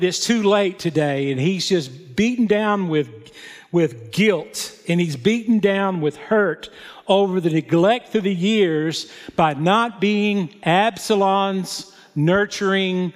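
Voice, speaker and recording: A man preaching a sermon, reading scripture and adding plain, folksy comments. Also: high-pitched. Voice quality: unhurried, plain spoken storytelling with folksy asides. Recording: long hall reverb.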